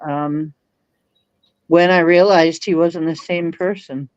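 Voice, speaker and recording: Slow chatty lady host, dull muffled audio, no room echo at all. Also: lowish voice, fairly even intonation, a little mellow. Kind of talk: casual chat. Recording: dull lo-fi sound.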